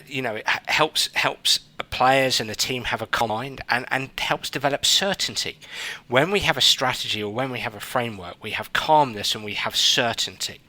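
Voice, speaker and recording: A male podcast host talking in an animated, casual way, often restarting his sentences and filling gaps with short fillers. His voice is bright and forward, recorded close with a dry, roomless sound. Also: mid-range voice, dry recording. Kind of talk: casual interview chat.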